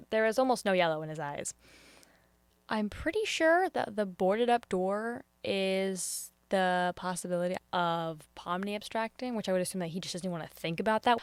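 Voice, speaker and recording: A woman giving a casual spoken review of a show, earnest and openly emotional, with sudden excited jumps, soft near-whispers and hesitant restarts. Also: medium pitch, clean tone, dry recording.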